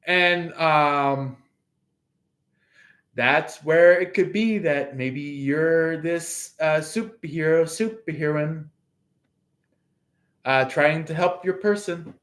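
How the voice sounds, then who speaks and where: A man's voice: fairly high pitch, slow pace, long pauses, fairly bright tone. A man giving a casual tarot reading in a rambling way, with many fillers, and acting out quotes in an echoey room. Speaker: tarot reader.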